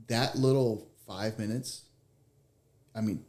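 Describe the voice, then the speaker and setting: An American man hosts a conversational interview in a low voice. He talks reflectively and draws on what he has lived through himself. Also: moderate pace, a little mellow. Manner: reflective, speaks from shared experience.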